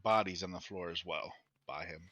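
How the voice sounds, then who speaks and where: A man narrating as dungeon master of a tabletop game, describing scenes slowly with fillers. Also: deep voice, bright, forceful tone, dry recording, dull audio. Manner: slow, halting descriptions with fillers.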